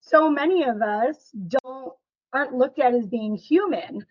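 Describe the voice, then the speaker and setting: High-voiced emphatic woman host. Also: animated, unhurried, husky. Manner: emphatic, blunt, swears. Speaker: podcast host, psychologist. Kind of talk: interview conversation. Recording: muffled lo-fi audio.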